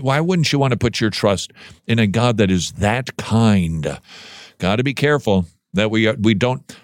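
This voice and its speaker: A man's voice: mid-range voice, no echo, clean studio sound. A man hosting a Christian commentary show, reading news items aloud and reacting in a conversational way, often restarting with repeated words.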